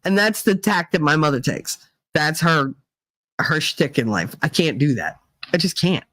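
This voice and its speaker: A woman's voice: sits low, animated, normal speed, fairly bright tone, no echo, poor audio. Chatty storytelling woman, dry close sound. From Northeast Pennsylvania, US. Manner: chatty storyteller, many fillers, mimics voices in quotes. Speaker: livestream host reading chat. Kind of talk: casual chat.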